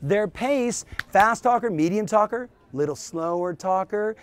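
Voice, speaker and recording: High, animated man coaching. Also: measured pace, clear, resonant tone. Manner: energetic, emphatic, speaks directly to the viewer. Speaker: real estate business coach and show host. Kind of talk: motivational coaching talk to camera.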